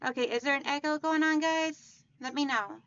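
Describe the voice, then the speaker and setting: A woman hosting a casual quilting livestream, chatting warmly with viewers and greeting them by name as hon and sweetheart. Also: sits high, moderate pace, no room sound, highs cut off.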